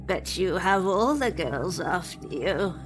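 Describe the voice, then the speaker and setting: A man voicing an unhinged elderly aunt in a horror story podcast, with a croaky, put-on old-woman voice. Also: high voice, lively intonation, slow, fairly bright tone, faint music behind, pitched above the performer's own voice, exaggerated voice. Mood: cooing. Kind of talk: audio drama narration.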